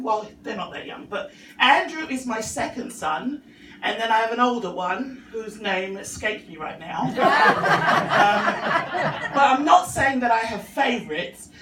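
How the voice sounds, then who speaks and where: London woman, middle-aged, dry self-mocking stand-up, high voice, echoey room, far mic. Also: a bit bright, a little hiss or hum. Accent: London English. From England. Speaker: stand-up comedian. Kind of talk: stand-up comedy set. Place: open mic venue.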